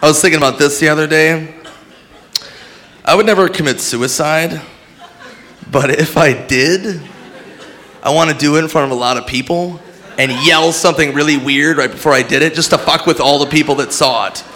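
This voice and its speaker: A man doing a crude stand-up bit, quick and loose, breaking into shouted voices. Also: fairly high pitch. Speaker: stand-up comedian. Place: comedy club stage. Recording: live club with crowd noise. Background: audience laughter.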